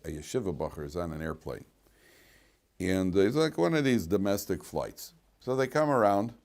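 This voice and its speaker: A man giving a lively Torah lecture as a rabbi, acting out the people in his stories with big swings in voice and many "you know" fillers. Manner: animated storyteller acting out characters with sharp jumps in pitch and loudness. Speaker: rabbi teaching a weekly Torah class.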